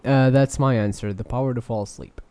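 A man's voice: mid-range voice, steady tone, brisk, warm tone, clean tone, no echo. A young man co-hosting a casual podcast, jokey and teasing, playfully needling his co-host. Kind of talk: casual chat.

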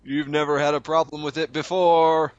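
A man's voice: fairly high pitch, flat delivery, normal speed, no room sound, highs cut off. A man co-hosting a comedic podcast over a video call, grumpy and sarcastic, teasing his partner and swearing. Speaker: podcast co-host. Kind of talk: comedic casual chat. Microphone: video call mic.

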